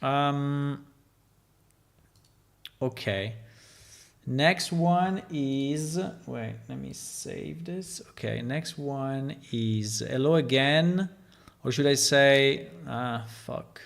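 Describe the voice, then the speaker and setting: A man who is not a native English speaker, a game developer thinking aloud while he works, halting and full of fillers. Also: medium pitch, creaky. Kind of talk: casual livestream while working on a game.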